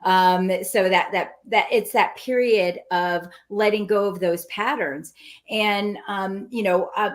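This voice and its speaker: A woman's voice: medium pitch, steady tone, slow. Hesitant, thoughtful woman. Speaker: medium. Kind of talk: podcast panel conversation.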